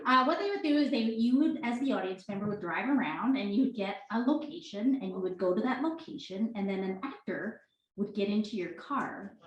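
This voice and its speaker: A woman's voice: medium pitch, expressive, fairly quick, lo-fi sound. Chatty woman reading in an echoey room. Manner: chatty, self-deprecating, laughing between lines. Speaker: author reading her work. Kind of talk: live reading at a book launch. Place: bookstore event room indoors.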